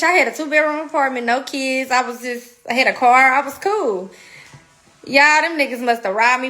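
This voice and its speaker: A woman in her thirties telling a story in a casual, animated and profane way, laughing often. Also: high-pitched. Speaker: podcast guest.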